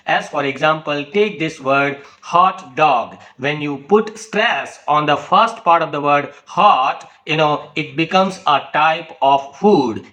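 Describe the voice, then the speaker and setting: A man's voice: a little high, fairly bright tone, poor audio. A man teaching an English pronunciation lesson, explaining step by step, spelling out syllables and checking in with "okay". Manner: tag questions and fillers like okay and you know. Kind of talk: spoken lesson.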